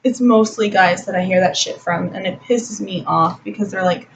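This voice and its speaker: A woman's voice: medium pitch, normal speed, few pauses. A young woman chatting through a makeup tutorial at home, ranting with casual swearing and lots of fillers. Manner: irritated, profane ranting with many fillers. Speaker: makeup vlogger. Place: home room. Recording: distant, dull lo-fi home recording with faint hiss.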